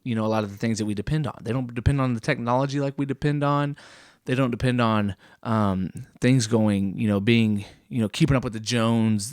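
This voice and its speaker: A young man doing an absurd deadpan comedy monologue, rambling with many fillers and self-corrections. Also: mid-range voice, no echo, clean studio sound.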